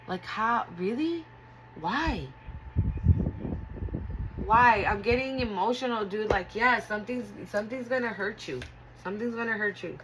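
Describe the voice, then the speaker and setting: A woman's voice: medium pitch, normal speed, background noise. Blunt, profane woman reading tarot cards. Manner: blunt, profane, emotional and earnest. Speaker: tarot reader. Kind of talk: casual spiritual tarot reading.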